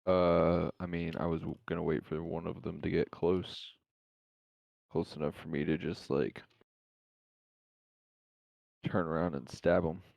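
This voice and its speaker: A man's voice: low voice, little pitch movement, unhurried, vocal fry, pauses often, a little mellow, no echo. A man playing a tabletop game, explaining his moves in a laid-back, rambling way. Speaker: player. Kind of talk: casual tabletop game chat. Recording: dull lo-fi mic.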